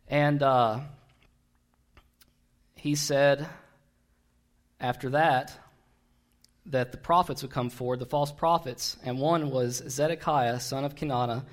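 A man's voice: mid-range voice, unhurried, long pauses. A man preaching a sermon, retelling a Bible story in a conversational, digressive way with wry asides.

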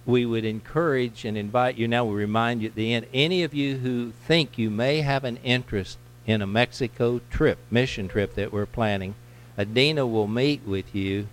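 A man leading a church service, making announcements and introducing a guest speaker in a relaxed, jokey way. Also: mid-range voice, normal speed, hardly any pauses, slight background noise. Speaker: pastor.

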